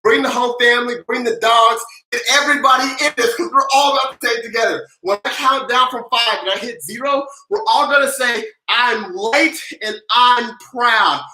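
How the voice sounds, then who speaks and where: A live-stream host who answers viewer questions in a loose, casual way and whips up the chat with loud chants. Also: mid-range voice. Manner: hyped-up, cheerleading the chat; casual, loose, with many fillers and restarts. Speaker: tax livestream host. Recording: roomy echo.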